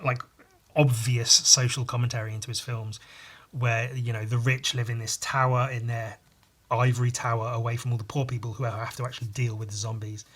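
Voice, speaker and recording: A man's voice: medium pitch, flat delivery, brisk, a bit bright. Profane ranting man. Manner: rambling with frequent fillers. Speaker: podcast host. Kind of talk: casual chat.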